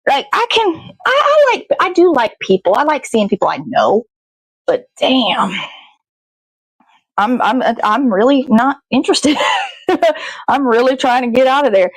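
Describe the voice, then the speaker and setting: Woman host, rambling kitchen chatter, cusses a lot, fairly high voice, dry close sound. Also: expressive, measured pace, pauses often, husky, no room sound, rough recording. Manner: rambling, swears freely, talks to herself. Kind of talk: casual chat while baking. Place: home kitchen.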